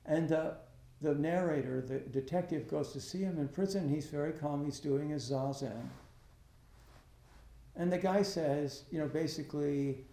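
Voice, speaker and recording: A middle-aged man speaks slightly high for his age, with a gravelly edge to the voice. He tells a reflective story in halting bursts, full of restarts and fillers. The recording sits in a noticeably echoey room. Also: dark tone. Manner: halting, many restarts and "you know" fillers. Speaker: academic and Zen practitioner.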